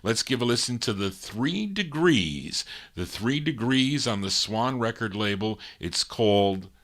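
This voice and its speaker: A man hosting a live show of old soul records, chatting casually, pausing to recall names and details. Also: mid-range voice, lively intonation, a bit bright. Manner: unhurried, pauses to recall names, fillers. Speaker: radio-style show host and DJ.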